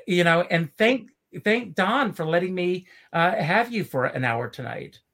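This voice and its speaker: A man with a Southern US accent hosting a chat show over a video call, speaking haltingly with many fillers. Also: high-pitched, animated, fairly bright tone. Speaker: show host. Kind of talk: casual chat.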